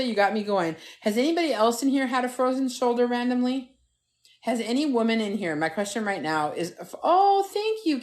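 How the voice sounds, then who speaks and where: A middle-aged woman hosting a live stream from a phone at home, chatting casually and telling stories with lots of swearing, talking straight to her viewers. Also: medium pitch. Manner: animated, profane, talks straight to viewers. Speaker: TikTok live host.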